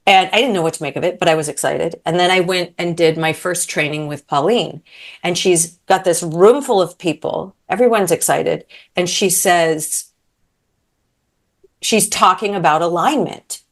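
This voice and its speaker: A woman's voice: fairly low pitch, moderate pace. A woman in her thirties, a podcast guest, telling a story in casual chat and acting out quotes, with many fillers.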